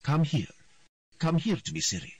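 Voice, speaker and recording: A cold, imperious old queen, played by a male narrator, her voice pitched well up and delivered loud and forceful. She speaks with clipped, stern authority. The recording is dry and set a little back from the mic. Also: animated, normal speed, vocal fry, no room sound, far from the mic. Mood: commanding.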